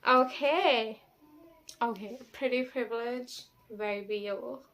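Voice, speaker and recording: A woman's voice: on the high side, takes it slowly, a bit bright, a little hiss or hum. A young woman talking to camera in a casual vlog, sassy and candid, swearing freely and filling her talk with "like" and "you know.". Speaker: vlogger.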